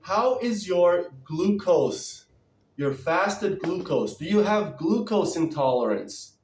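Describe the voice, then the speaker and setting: A fired-up, sarcastic man rants to his viewers, swearing and mocking them in quoted voices. He speaks slowly and deliberately in a fairly high voice. He is picked up from a distance in a roomy, echoing space. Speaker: diet vlogger. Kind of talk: ranting to-camera vlog. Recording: roomy echo, distant from mic.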